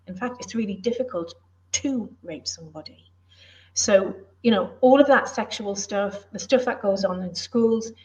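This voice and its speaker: A woman's voice: mid-range voice, darkish tone. Brief: middle-aged British-born woman, ex-police author, emphatic and earnest, slightly dull recording. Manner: earnest, emphatic, plain-spoken. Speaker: author and former police officer, guest. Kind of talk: casual interview chat.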